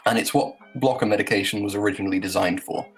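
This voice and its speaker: A man with a lowish voice reads his blog post to a group on a video call. He breaks up the text with sarcastic jokes and quick asides. Faint music sits behind him. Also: fairly even intonation, low-quality recording. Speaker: host.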